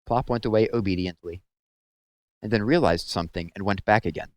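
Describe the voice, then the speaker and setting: A man reading a children's book aloud with expressive storytelling, close to the mic. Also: on the low side, brisk. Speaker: read-aloud host.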